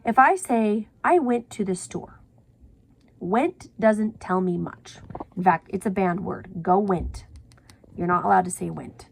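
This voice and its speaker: A woman's voice: mid-range voice, unhurried, vocal fry, slight background noise. A woman teaching a writing class, chatty and self-correcting, sometimes dropping to a whisper for her examples.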